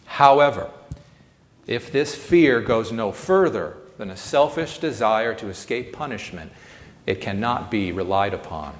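A man's voice: lowish voice, expressive, unhurried, in a large hall. A man delivering a sermon in an earnest, solemn way, rising to emphatic swells. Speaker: preacher. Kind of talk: sermon reading.

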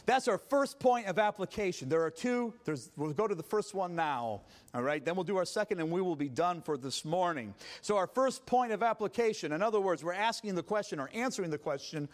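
Emphatic pastor preaching. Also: male voice, high-pitched, animated, brisk. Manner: emphatic, swings between quiet and loud. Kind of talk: sermon.

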